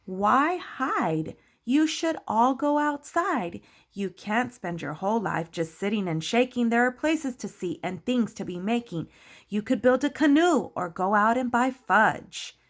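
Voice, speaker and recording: A woman's voice: lively intonation, unhurried. A woman voicing a bold, adventurous young female pig who chides and urges her timid brothers, reading aloud from a storybook play. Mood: urging. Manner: high, bright and chiding, urging her scared brothers.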